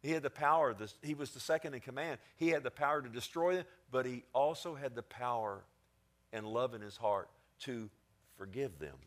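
A male preacher giving a sermon, swinging between quiet, low passages and emphatic ones, often calling for amens. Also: moderate pace. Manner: asks the congregation for amens.

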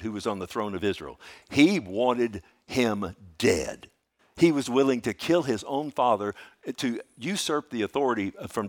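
Animated male preacher. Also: mid-range voice. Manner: animated preaching with rhetorical questions; dynamic, shifts between loud emphasis and quiet. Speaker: pastor. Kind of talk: sermon.

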